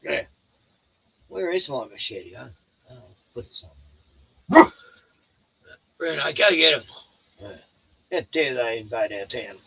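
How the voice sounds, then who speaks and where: A man's voice: medium pitch, very animated, unhurried, gravelly, long pauses, sharp tone, slight background noise, poor audio. A middle-aged Australian man streaming from home, rambling in a profane, chatty way, laughing often and cooing at his dog. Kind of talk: rambling casual monologue.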